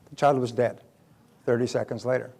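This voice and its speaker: A man's voice: mid-range voice, steady tone, fairly quick, vocal fry, a little mellow. Older man giving a motivational talk. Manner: anecdotal storytelling with acted-out quotes; repetitive, emphatic phrasing. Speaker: motivational speaker. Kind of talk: motivational lecture.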